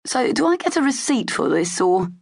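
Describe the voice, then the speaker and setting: A woman narrator voicing a wry, cocky male rogue bodyguard who jokes in sly asides, her voice husky and gravelly. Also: medium pitch, lively intonation, normal speed. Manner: sly, teasing, half-whispered asides.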